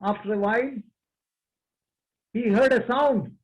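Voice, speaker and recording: Slow, high-voiced preacher. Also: male voice, rough recording. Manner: slow, emphatic, addresses the congregation. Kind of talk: sermon.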